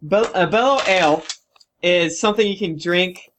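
A man reading out stats and explaining the rules to friends during a tabletop card game, wry and halting. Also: sits high, fairly bright tone, a little hiss or hum. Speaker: player leading the game setup. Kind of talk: casual game-night explaining.

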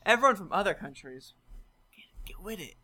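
Male podcast co-host, bright high voice, jokey and self-mocking. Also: expressive, a little fast. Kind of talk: casual chat, reading listener reviews.

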